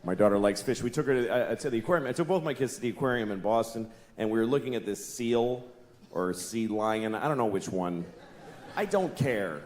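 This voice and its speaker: A male stand-up comedian in his 40s performs an animated set at a large comedy venue, talking fairly quickly to a laughing audience. He's deadpan and exasperated, breaking into loud, squeaky put-on voices, and the live recording is echoey and noisy.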